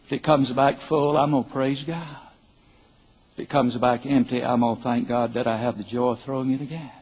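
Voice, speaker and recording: A man's voice: mid-range voice, fairly even intonation, a little fast, a little mellow, slightly rough. An older man preaching a sermon, telling a joking personal story in an emphatic, folksy way. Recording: dull lo-fi recording.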